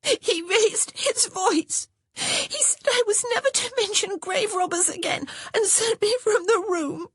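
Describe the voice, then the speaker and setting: A woman voicing a tearful younger sister, high and sobbing as she speaks. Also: a little slow, dry recording, clean studio sound. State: crying.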